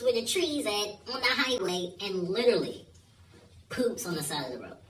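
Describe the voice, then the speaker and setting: Recorded from a distance in an echoey room with a clear, steady hum, a young vlogger whose voice sits high talks at normal speed. He tells a funny story casually, laughing and checking in with the listener, his voice off-mic.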